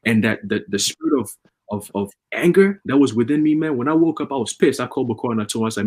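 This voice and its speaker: A man casually preaching and telling a story on a religious livestream, with energetic, repetitive street talk full of slang. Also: medium pitch, fast talker, husky.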